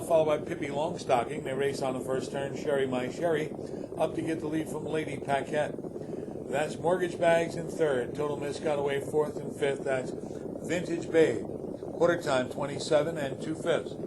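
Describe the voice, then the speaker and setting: A man calling a live horse race, steadily reeling off positions. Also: on the high side. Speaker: race caller. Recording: loud background noise at the track.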